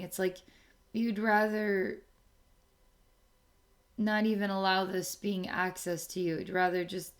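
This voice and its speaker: A woman giving a channeled spiritual reading to someone, speaking softly and often checking in with "okay?". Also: medium pitch. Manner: slow, soft, repeats okay to check in. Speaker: spiritual intuitive reader.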